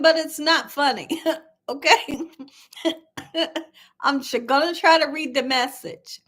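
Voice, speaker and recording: This middle-aged woman, a cooking channel host, speaks slowly in a high, slightly bright voice, pausing often. On her casual livestream she talks with viewers, reads comments aloud and tells stories, laughing frequently and saying "y'all."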